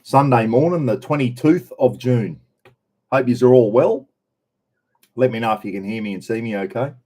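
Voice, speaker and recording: An Australian man, medium-pitched and mellow at a moderate pace, is live streaming casually from a caravan on the road. As host, he greets his viewers by name and keeps things chatty and laid-back.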